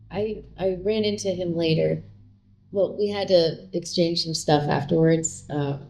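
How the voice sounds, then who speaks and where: A middle-aged woman with a slightly low, gravelly voice tells a personal story as a guest in a relaxed interview. She talks chattily, with plenty of fillers, and acts out what people said. Her tone is warm and dark. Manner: chatty, retells with quoted dialogue and many fillers.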